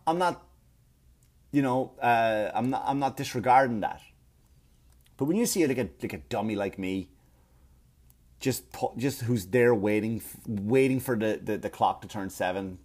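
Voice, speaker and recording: A man delivering a profane comedic rant, animated and repetitive, often stumbling over his words. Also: medium pitch, moderate pace, pauses often. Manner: animated, profane, repeats himself. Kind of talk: ranting comedic monologue.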